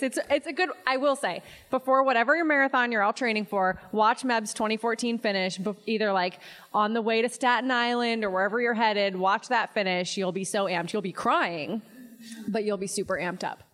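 A woman's voice: on the high side, normal speed, a bit bright, big-room sound, faint music behind. A woman hosting a live interview about running, playful and teasing with her guest. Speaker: podcast host. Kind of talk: live interview and sponsor read.

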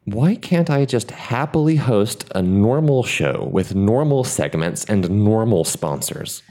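A woman's voice: very deep voice, animated, measured pace, mellow. A woman co-hosting a scripted comedy show, grumpy, sarcastic and easily exasperated.

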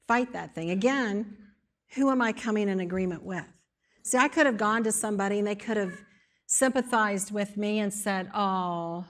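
A woman giving a sermon in an animated, emphatic way, often repeating words in lists for effect. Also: medium pitch. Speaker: speaker in a church setting.

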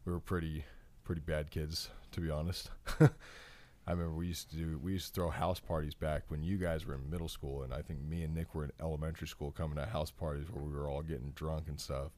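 Thirties guy with a real low voice, laid-back podcast rambling. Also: flat delivery, quick pace, darkish tone. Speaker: podcast co-host. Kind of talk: casual chat.

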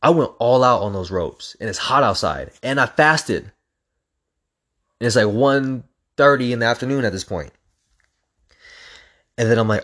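A young man telling a casual, profane story, acting out the sounds with lively energy. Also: medium pitch, moderate pace, long pauses. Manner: animated, profane, acts out sounds.

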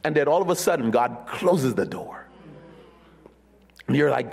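A man preaching a sermon as pastor, his voice swinging from sung high calls down to low, quiet murmurs. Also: lively intonation, measured pace, creaky, long pauses, husky.

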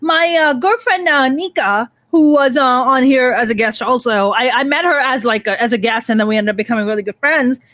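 A woman's voice: sits high, a little fast, few pauses, a bit bright, dry recording. A woman in her thirties hosting a podcast, talking candidly and emotionally, swearing freely. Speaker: podcast host. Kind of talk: candid conversational interview.

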